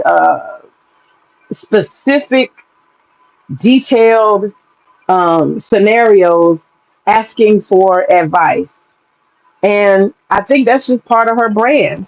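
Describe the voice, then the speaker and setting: A woman gives her opinions in a loose, candid monologue, full of swearing and easy laughter. Her voice sits at a middling pitch. The sound is a little muffled and lo-fi. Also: darkish tone. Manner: frank, profane, laughs often. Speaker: vlogger.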